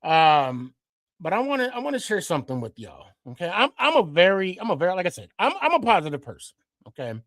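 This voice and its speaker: Rambling, excitable male podcast host, bright and punchy, dry close mic. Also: fast talker, no room sound. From Dallas-Fort Worth area. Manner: rambling, repeats himself, many restarts and fillers; excitable, jumps higher when animated. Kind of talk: casual monologue.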